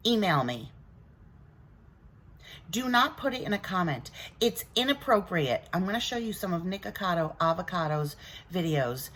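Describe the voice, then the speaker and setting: A woman's voice: mid-range voice, a bit bright, breathy edge, poor audio. A woman vlogger venting to camera in a defensive, insistent way.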